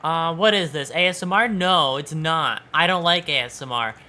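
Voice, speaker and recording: Soft-spoken playful woman streamer. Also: low voice. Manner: soft-spoken, quiet, never raises voice; playful, halting restarts. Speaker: VTuber streamer. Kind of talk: casual livestream chat. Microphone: desk microphone.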